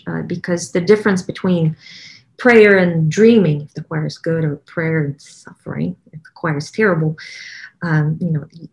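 Russian-accented woman, chatty and lowish voice. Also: gravelly. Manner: conversational, many fillers and restarts. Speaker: choir director promoting a training program. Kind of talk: casual promotional talk.

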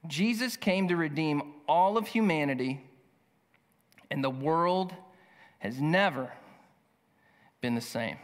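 A male pastor preaching a sermon, reading scripture slowly and speaking in an earnest, emphatic way. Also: on the high side, animated. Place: church sanctuary. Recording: long church hall reverb.

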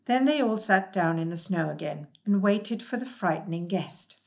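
A woman reading a storybook aloud in a gentle, calm and measured way. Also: fairly low pitch, gravelly.

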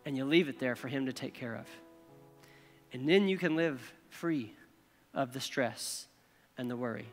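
A man's voice: mid-range voice, normal speed, long pauses, in a large hall, soft background music. A male pastor preaching a sermon in a conversational way, checking in with "okay?" and "right?" as he goes.

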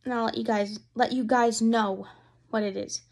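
A young woman vlogging casually from indoors at home, chatty and rambling, a little hoarse as if losing her voice. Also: fairly high pitch, fairly even intonation, moderate pace, a little mellow. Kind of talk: casual taste-test vlog.

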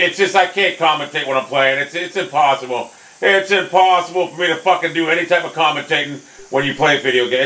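A man commentating his own golf video game play, swearing constantly and bursting into frustrated shouts. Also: mid-range voice, slight background noise, rough recording. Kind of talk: casual gameplay commentary.

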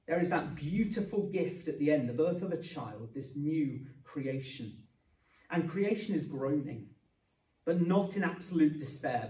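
A man's voice: a little high, warm tone. A man preaching an evening sermon, earnest and explanatory, with touches of light humour. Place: church hall. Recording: echoey church room from a distance.

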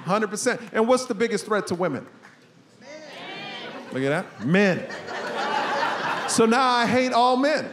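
A middle-aged man performs stand-up on a club stage, his fairly high voice swooping all over as he acts out scenes and bursts into shouts. The live room carries a clear wash of ambient noise behind his handheld mic. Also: sing-song, measured pace, pauses often. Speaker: stand-up comedian. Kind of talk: stand-up comedy set.

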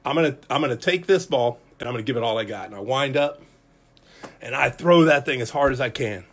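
Husky-voiced pastor telling a lively story. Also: male voice, medium pitch, a little fast. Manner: animated, self-mocking storytelling; lively, conversational delivery to the group. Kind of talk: Bible study teaching.

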